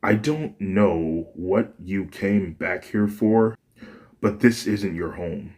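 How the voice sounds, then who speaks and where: A harsh middle-aged father, cold and threatening, voice deep and unhurried, read by a man in a voice near his own. Anger simmers under every word. Fan storytelling read aloud. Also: a little mellow. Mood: hostile.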